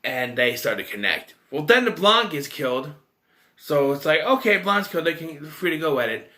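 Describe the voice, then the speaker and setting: Young man, casual movie review, rambling, incredulous, lively swooping voice, bright and tense. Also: fairly high pitch, moderate pace. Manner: incredulous, rambling, full of restarts and rhetorical questions.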